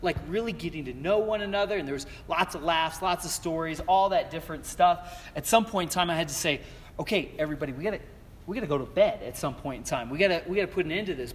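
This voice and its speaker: Pastor, man with a high voice, chatty storytelling sermon. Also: long reverb tail. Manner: conversational storytelling with many fillers.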